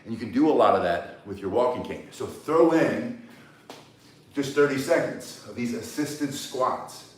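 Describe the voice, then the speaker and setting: An older man runs a live outdoor workout lesson under the sun, showing cane self-defense with blunt, meandering talk and humorous asides. His medium-pitched voice has lively intonation and a measured pace. The recording comes from a distant mic with roomy echo and a little hiss or hum.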